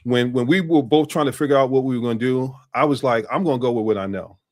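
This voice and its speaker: A man in his fifties with a medium-pitched voice talks fast as a guest on a casual interview, with a little hiss or hum in the recording. He tells stories in a blend of street slang and business talk, repeating his phrases.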